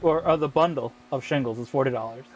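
A gaming channel host with a mid-range voice talks fast while racing in a game, telling a long story. His chat is casual and profane, packed with slang fillers. The audio sounds dull.

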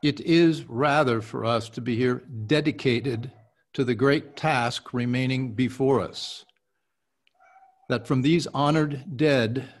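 A man speaking at a very unhurried pace, giving a measured, deliberate recitation of a historic speech. Between passages he talks in a halting, casual way, restarting his sentences as he chats with his voice coach. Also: medium pitch. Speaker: podcast host.

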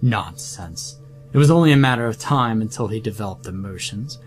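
A man's voice: on the low side, expressive, normal speed, soft background music, close to an everyday voice. A man playing a smug, scheming middle-aged doctor who talks sarcastically and condescendingly.

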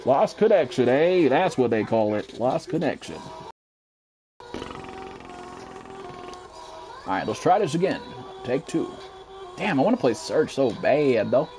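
A man's voice: mid-range voice, measured pace, long pauses, faint music behind. A young American man streaming a shooter game, cursing constantly, ranting and reading out viewers' chat messages. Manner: profane, excitable, reads chat aloud. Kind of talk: live gameplay commentary.

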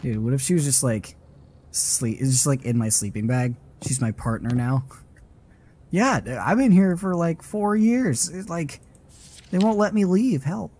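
A man's voice: fairly high pitch, lively intonation, measured pace, warm tone. A man giving live horror game commentary, swearing and talking back at the game whenever it startles him. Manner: profane, jumpy, talks back at the game. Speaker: gaming streamer.

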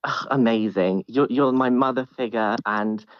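A woman's voice: a bass voice, no echo. Gushing woman fan, dull line. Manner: gushing, halting with fillers. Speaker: fan calling in. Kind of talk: casual online audio chat. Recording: dull lo-fi call audio.

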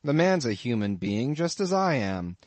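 A man's voice: medium pitch, big pitch swings, normal speed, no echo, close to an everyday voice. A man voicing a young male sailor who speaks emphatically and exclaims, as an audiobook character voice. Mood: wry. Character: young male sailor, anxious then reasoning.

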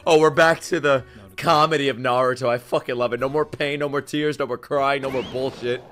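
A man reacting to an anime episode live, excitable and swearing a lot as he talks back at the screen. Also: mid-range voice, a little fast, faint music behind.

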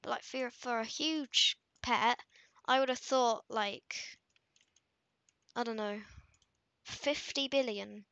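A gaming video creator, a woman, narrates her gameplay in loose commentary packed with fillers, often trailing off self-consciously. Her slightly high voice sounds sharp and bright with gravelly fry, and she speaks slowly with frequent pauses. The recording is dry, close and echo-free, though the audio is dull.

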